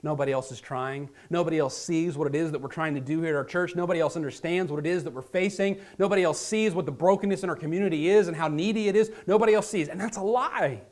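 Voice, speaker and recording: A man preaching a sermon as pastor, earnest and dramatic, talking straight to his listeners and swinging between loud emphasis and hushed near-whispers. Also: fairly high pitch, fast, few pauses. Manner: earnest, direct address to listeners.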